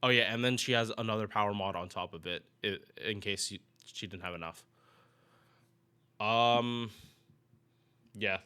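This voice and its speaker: Casual male gaming streamer, bright and clear voice, loose rambling delivery. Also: fairly low pitch. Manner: rambling, restarts, chatty with viewers. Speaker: gaming YouTuber. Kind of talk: casual game commentary.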